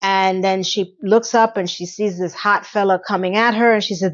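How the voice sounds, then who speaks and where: Woman ranting through a tv recap, chatty and all over the place, middle pitch, kinda muffled lo-fi sound. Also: steady tone. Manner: chatty and opinionated, rambling asides; acts out characters' lines in quick quotes. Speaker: TV recap reviewer. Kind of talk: casual recap commentary.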